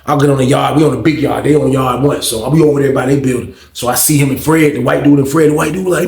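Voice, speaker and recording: A young man casually retelling a story in a slangy, profane, animated way. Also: medium pitch, quick pace, creaky, few pauses. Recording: roomy echo.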